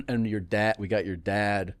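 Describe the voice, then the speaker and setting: A man's voice: lowish voice, unhurried, dry recording, clean studio sound. A man in casual podcast chat, telling stories and acting out the people he quotes. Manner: animated storyteller, acts out quoted texts.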